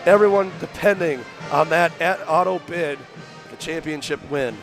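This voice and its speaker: A young man doing radio play-by-play for a college hockey game, rattling off rapid calls that rise into shouts on shots. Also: fairly high pitch, music in the background. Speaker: play-by-play announcer. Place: arena broadcast booth.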